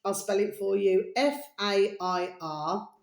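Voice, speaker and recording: A woman's voice: mid-range voice, fairly even intonation, takes it slowly, gravelly, darkish tone, roomy sound. A woman hosting a chatty, rambling vlog, calling her viewers "babies" and drifting between topics. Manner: rambling, affectionate, calls viewers "babies", hums and sings snatches. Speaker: video host.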